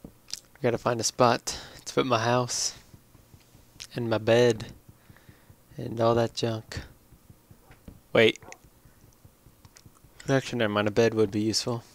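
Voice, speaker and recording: Slow, sleepy young man gaming. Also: medium pitch. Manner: slow, drowsy, rambling. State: tired, yawning. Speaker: let's play gamer. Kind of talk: casual game commentary.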